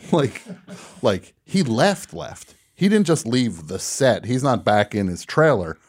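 Animated man telling a funny story. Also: medium pitch, slow. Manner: animated, laughs at his own story. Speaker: radio show host. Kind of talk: casual comedic storytelling.

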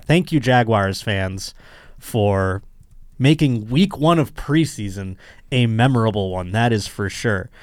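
A podcast host delivers a casual comedic monologue, telling crude, jokey stories and dropping into mocking voices. His mid-range voice is captured as clean studio sound with no room sound.

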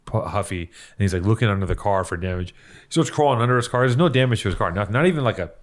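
A man's voice: on the low side, expressive, fast. A young man hosting a podcast, telling a heated story in casual chat and swearing freely. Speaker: podcast host.

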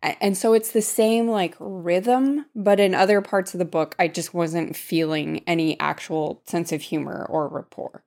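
A woman's voice: lowish voice, fairly even intonation, measured pace, gravelly, hardly any pauses, darkish tone. A woman co-hosting a casual book discussion, thoughtful and a bit hesitant. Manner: thoughtful, hesitant, laughs often. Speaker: podcast co-host.

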